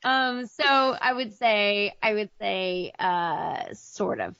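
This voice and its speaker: A woman's voice: mid-range voice, lively intonation, slow pace, gravelly, fairly bright tone, clear, resonant tone, no room sound. American woman, voice actor guest, rambling casual talk, dry close sound, dull lo-fi audio. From United States. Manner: rambling, many fillers and restarts. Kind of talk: casual interview chat.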